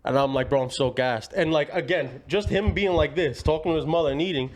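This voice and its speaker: A man's voice: fairly high pitch, fairly quick, crowd noise. A man hosting a casual podcast, telling a rambling anecdote full of quoted dialogue. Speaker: podcast host. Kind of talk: casual storytelling chat.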